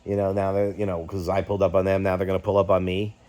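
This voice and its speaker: A middle-aged YouTube host rants on his own vlog, venting candidly and with agitation while swearing and stumbling over fillers. His voice is low and darkish, his pace quick, his delivery completely flat.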